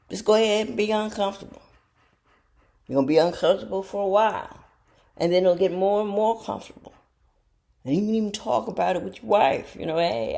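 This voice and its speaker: A middle-aged woman, telling casual stories to her viewers in a chatty, self-mocking way and jumping into high voices when she quotes people. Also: vocal fry, mellow. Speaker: show host talking to viewers. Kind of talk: casual storytelling monologue.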